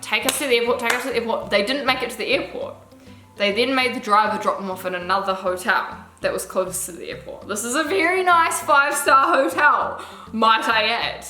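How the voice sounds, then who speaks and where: A woman's voice: mid-range voice, bright, forceful tone, reverberant. A young woman, emotionally retelling a story in a storytime vlog and swearing often. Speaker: vlogger.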